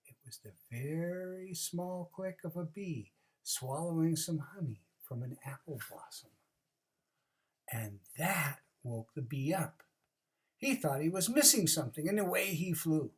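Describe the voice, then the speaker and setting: A storyteller casually reading a children's book aloud, with chatty asides and expressive narration. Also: mid-range voice, measured pace. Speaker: storybook reader.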